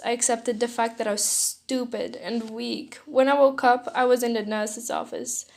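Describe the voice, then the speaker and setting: A woman narrating a second-person fan story in a soft, emotional storytelling manner. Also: fairly high pitch, vocal fry. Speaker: fanfiction reader.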